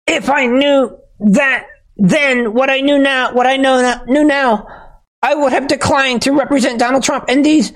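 A vlogger voicing a weepy, remorseful woman lawyer who whimpers that she is weak and crying, in a high, whiny voice. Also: fairly even intonation, measured pace, rough recording. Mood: mock-tearful. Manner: mock-tearful, whiny, breaks into laughter.

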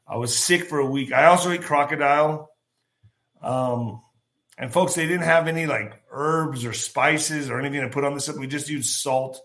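A man hosting a show, telling a rambling, anecdotal story in a casual monologue and often clearing his throat. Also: a little high, normal speed, fairly bright tone.

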